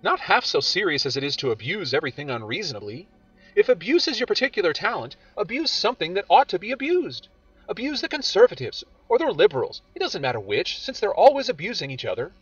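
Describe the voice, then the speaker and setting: A man voicing a frank, teasing young woman who questions briskly and speaks in a bright, bossy way. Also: sits high, sing-song, breathy edge, no room sound, pitched above the performer's own voice, full character voice. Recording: dull audio with faint music.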